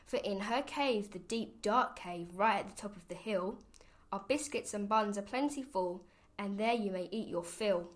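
A woman's voice: medium pitch, moderate pace, lightly acted. Lady doing a sly chirpy duck lady, sweet-talking, storybook. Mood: coaxing. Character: clever cheerful female duck.

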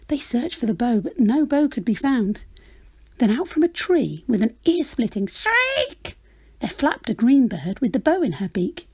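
A woman reading a rhyming children's picture book aloud, with a rhythmic, expressive delivery. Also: fairly high pitch, a little slow, breathy edge, no room sound. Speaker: storyteller.

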